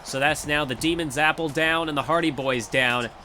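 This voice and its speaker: Excitable young man calling game action. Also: a little high, normal speed, a little hiss or hum. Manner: excitable, rambling with self-corrections. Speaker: game commentator. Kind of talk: play-by-play commentary of a video game.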